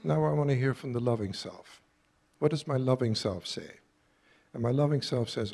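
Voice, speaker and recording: Man in his 70s, earnest, direct, live talk to a crowd, middle pitch. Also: expressive, moderate pace, creaky, darkish tone. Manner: earnest, direct, quizzes listeners. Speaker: workshop speaker.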